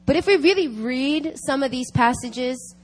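A woman's voice: sits high, unhurried. A woman giving an emphatic sermon at a prayer meeting, repeating key phrases to drive them home. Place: church meeting.

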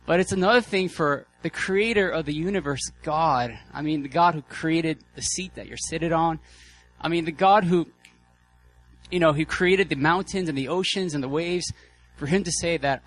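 A man preaching a sermon as a guest speaker, casual and excitable, with many fillers and restarts. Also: on the high side, normal speed, rough recording. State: out of breath.

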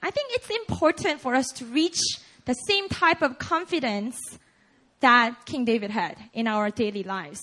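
A young woman preaches a sermon in a bright, high voice that leaps up and down with animation. She jokes with her listeners, laughs easily and keeps asking the congregation questions. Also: lively intonation, normal speed. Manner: playful, laughing asides to the congregation; asks the audience questions. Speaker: pastor.

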